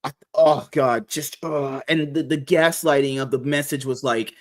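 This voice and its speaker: A man's voice: medium pitch, steady tone, normal speed, few pauses. A man hosting a podcast, talking casually and animatedly, swearing freely and rambling with restarts. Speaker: podcast host.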